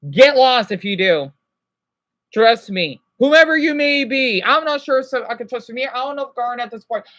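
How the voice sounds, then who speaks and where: A man's voice: extremely high pitch, expressive, normal speed, a bit bright. A stressed man vlogging, ranting to his viewers in an agitated, rambling way, swearing and then apologizing. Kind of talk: unscripted emotional rant to viewers.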